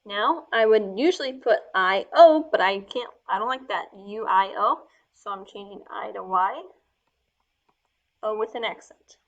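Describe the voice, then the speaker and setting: A woman teaching Spanish verb forms step by step while writing them out, talking through each change slowly and sometimes dropping to a soft murmur as she writes. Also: medium pitch, highs cut off. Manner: slow, step-by-step explaining. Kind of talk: explaining grammar while writing.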